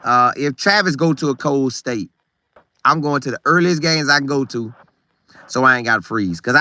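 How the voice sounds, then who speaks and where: A man's voice: medium pitch, lively intonation, normal speed, bright, forceful tone, no echo. A middle-aged man, hosting a casual live stream, reading viewer comments in a loose, talkative way and repeating phrases for emphasis. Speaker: show host reading live chat. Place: Florida.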